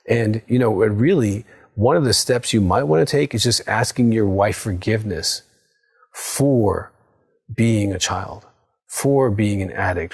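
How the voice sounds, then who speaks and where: A man's voice: lowish voice, slightly rough. A middle-aged man, a counselor, speaking straight to the viewer in an earnest, coaching way and often checking in with "okay?". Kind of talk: direct-to-camera advice talk.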